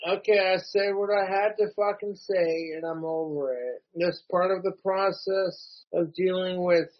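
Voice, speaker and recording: A young man rants into his vlog camera, tipsy and swearing in nearly every line. His voice sits high and his delivery drags slowly. The recording sounds dull and lo-fi. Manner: profane, rambling, swears constantly. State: tipsy from drinking. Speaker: YouTuber. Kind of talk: ranting vlog monologue.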